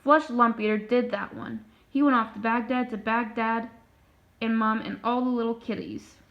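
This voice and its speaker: Lady doing a gentle old giant guy, slow and a bit lower, mixes up his grammar, dull lo-fi sound. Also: steady tone, creaky. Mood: folksy. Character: big friendly old male giant, gentle. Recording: dull lo-fi recording.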